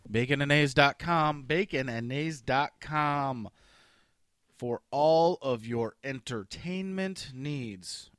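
A man's voice: mid-range voice, clean tone, dry recording. Podcast co-host, young man, rowdy and profane, dry close mic. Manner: crude, joking, loud bursts of laughter. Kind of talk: casual podcast banter.

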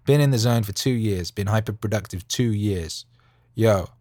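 A man's voice: fairly low pitch, normal speed, a little mellow, dry recording. A man hosting his own podcast from a music studio late at night, rambling in a chatty, digressive way full of "you know" and "like". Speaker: music producer and podcast host. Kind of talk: casual rambling monologue.

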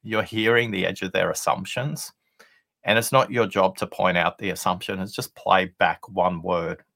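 A man being interviewed as a podcast guest, telling a workplace anecdote in a deliberate, conversational way with pauses for effect. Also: low voice, steady tone, vocal fry, bright, forceful tone. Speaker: podcast guest, listening expert.

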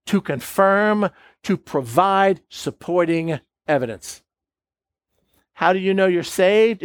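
Emphatic preacher, man with a higher voice. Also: no room sound. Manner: emphatic, asks the audience questions, acts out quoted voices. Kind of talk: sermon.

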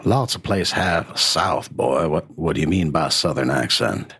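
A man's voice: extremely low pitch, gravelly, a bit bright, slightly rough, no echo, pitched below the performer's own voice, exaggerated voice. A man voicing a polite, guarded manor guard in a tabletop game, speaking formally and evenly. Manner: formal, measured.

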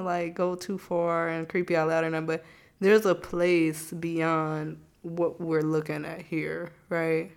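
A host speaking with a sick, slightly rough voice and the odd cough, reflecting on faith in a casual, rambling manner. The delivery is loose and conversational, full of "like" and "you know". Mid-pitched and unhurried. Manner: loose and conversational, heavy use of "like". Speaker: podcast host and storyteller.

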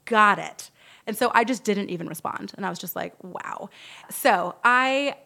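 Animated woman telling a wild story. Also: mid-range voice, measured pace, creaky. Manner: animated storyteller, acts out quoted voices, swears freely. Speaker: podcast host. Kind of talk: casual storytelling chat.

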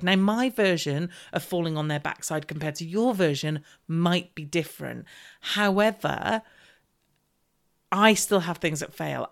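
A middle-aged woman, hosting a solo podcast as a business coach, talking directly and emphatically and repeating her key points. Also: fairly low pitch.

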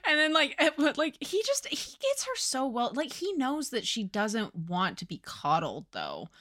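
A woman's voice: high-pitched, moderate pace, no echo, studio quality. A woman co-hosting a podcast, retelling a romance novel's scene in casual chat and acting out the lines with laughs. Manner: animated retelling with quoted dialogue and laughs. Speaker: podcast co-host. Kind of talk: casual book-club chat.

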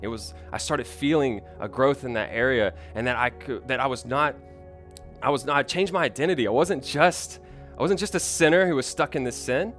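Earnest young pastor preaching a sermon. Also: male voice, mid-range voice, brisk, a bit bright, faint music behind. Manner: earnest and personal, with frequent restarts.

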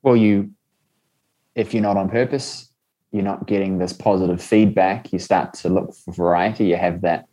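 Male podcast host, very low voice, mellow dark tone, conversational. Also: fairly even intonation, normal speed. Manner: conversational, asks questions. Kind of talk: interview conversation.

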